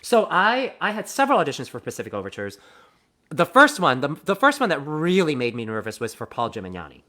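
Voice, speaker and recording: Guy w a bright voice, stage actor guest, chatty and animated, keeps restarting sentences. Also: a little high. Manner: animated, quick-talking anecdotes with many restarts. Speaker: guest, musical theater actor. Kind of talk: conversational interview storytelling.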